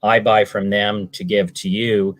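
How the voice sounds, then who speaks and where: An interview guest from British Columbia, Canada, who works as a salesman, answers questions in a roundabout way, with many ums and restarts. His lowish voice stays level and unhurried.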